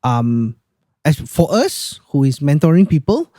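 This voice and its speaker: A man talks through sound mixing in a casual, thoughtful way, often pausing and restarting. His voice sits a little high, with a mellow, warm tone. The recording is close and dry. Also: very animated, no echo. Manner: thoughtful, hesitant with fillers and restarts. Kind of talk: casual technical chat.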